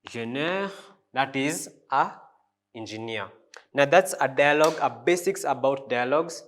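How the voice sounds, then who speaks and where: A man teaching a French lesson, repeating each phrase slowly and spelling out the pronunciation. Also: mid-range voice. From Africa. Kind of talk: language lesson.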